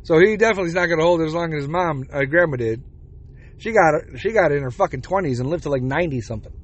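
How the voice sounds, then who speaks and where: Rapid-fire and fairly high in pitch, this man in his forties rants on his podcast. He's profane, blunt and heated as he pushes his opinions.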